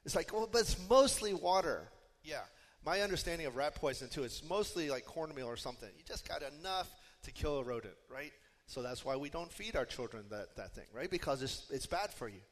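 A man's voice: medium pitch, lively intonation, a little fast, fairly bright tone. A man preaching a sermon as pastor, conversational and explanatory, with frequent fillers and asides. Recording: long hall reverb.

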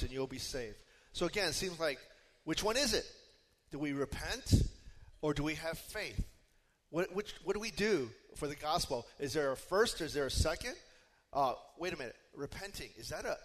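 A man's voice: a little high, a bit bright, a little hiss or hum. A man preaching a sermon as pastor, conversational and explanatory, with frequent fillers and asides. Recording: long hall reverb.

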